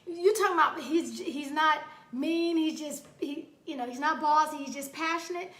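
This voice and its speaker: A woman hosting a talk show, telling stories in an animated, playful way and laughing often. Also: sits high, moderate pace, echoey room. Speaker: radio show host. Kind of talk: casual chat.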